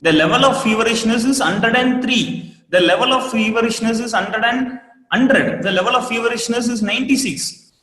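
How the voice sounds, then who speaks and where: Indian english guy teaching trading class, high-ish voice, says everything twice, roomy echoey sound. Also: fairly bright tone. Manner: repetitive, asks class for quick yes. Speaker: trading course instructor. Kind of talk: live online class lecture. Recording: roomy echo with long reverb.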